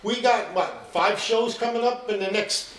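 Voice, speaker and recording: A man's voice: high-pitched, fairly even intonation, moderate pace, a crowd in the background. A man talking casually on a podcast as a guest actor, upbeat and jokey. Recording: echoey room.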